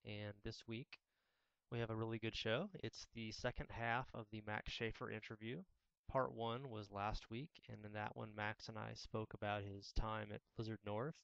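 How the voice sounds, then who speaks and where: A man's voice: on the low side, gravelly, fairly bright tone, smooth, no echo. An American man hosting a podcast in casual, joking, rambling chat. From United States. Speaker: podcast host. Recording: dry, slightly muffled podcast audio.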